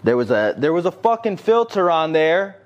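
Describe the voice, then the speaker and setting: A man's voice: on the high side, sing-song, normal speed, muffled recording. A man chatting casually as a podcast host. He rambles and swears, leaning on "like" and "you know what I mean.". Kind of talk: casual chat.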